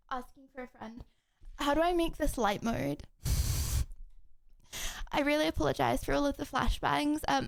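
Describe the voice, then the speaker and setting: A young woman streamer chatting casually with her viewers in an excitable, giggly, rambling way. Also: high-pitched, vocal fry. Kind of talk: casual live-stream chat.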